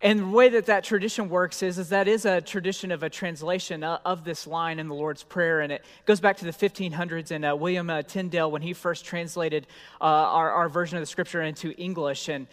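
Middle-aged pastor guy, chatty and joking, highish voice, big echoey church hall. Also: fairly quick. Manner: chatty storytelling, animated, self-deprecating. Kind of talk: sermon with personal story. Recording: long hall reverb.

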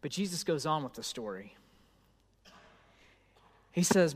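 Male pastor, storytelling sermon, slightly high voice, rises loud then drops hushed; long hall reverb. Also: expressive, unhurried, pauses often, breathy edge.

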